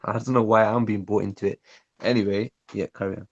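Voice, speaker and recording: Male panelist, low and gravelly, halting delivery, muffled call audio. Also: flat delivery. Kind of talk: casual livestream chat.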